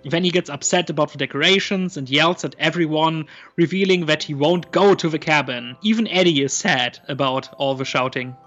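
A man's voice: fairly high pitch, normal speed, few pauses, fairly bright tone, highs cut off, faint music behind. Hesitant man recapping a show. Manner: hesitant, many ums and restarts, retelling scenes. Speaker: podcast co-host recapping an episode. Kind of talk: casual chat.

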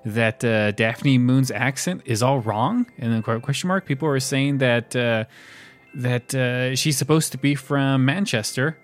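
A man's voice: mid-range voice, a little slow, soft background music. A man in a laid-back casual chat who laughs easily and stammers a little. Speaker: podcast co-host.

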